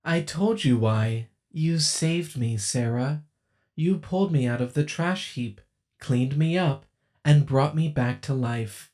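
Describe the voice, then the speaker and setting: A man voicing a female doll robot in an audiobook, speaking slowly in a tinny, kind-sounding way that hides something sinister. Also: on the high side, darkish tone. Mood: sweetly coaxing. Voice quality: metallic, kind-sounding, slow and deliberate.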